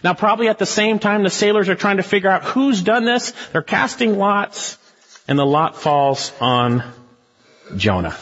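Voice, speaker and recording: A man preaching a sermon as a pastor, emphatic, with rhetorical questions and shifts between loud and hushed delivery. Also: high voice, lively intonation, normal speed. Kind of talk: expository sermon. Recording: muffled, reverberant sanctuary recording.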